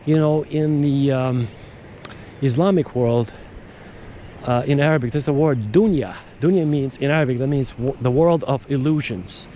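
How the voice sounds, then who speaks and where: At a normal speed, a mellow-voiced man of medium pitch delivers a casual, rambling podcast monologue with slight noise behind him. He wanders off topic, stresses points emphatically, and often repeats words or starts sentences over.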